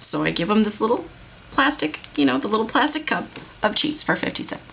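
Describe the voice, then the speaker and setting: A woman vlogger telling a work story in an animated, exasperated storytime way. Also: a little high, a little fast, creaky, highs cut off, slight background noise. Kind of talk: storytime vlog.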